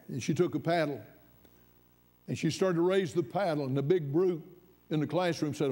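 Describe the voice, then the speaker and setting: Male pastor, high voice, sermon storytelling that climbs to fervent emphasis. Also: moderate pace, long pauses, mellow.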